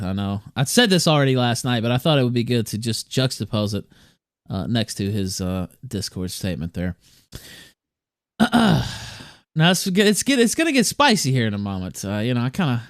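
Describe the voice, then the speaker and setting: A man's voice: fairly low pitch, no echo, studio quality. A man hosting a livestream, talking casually, reading chat messages aloud and often breaking into chuckles. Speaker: livestream host.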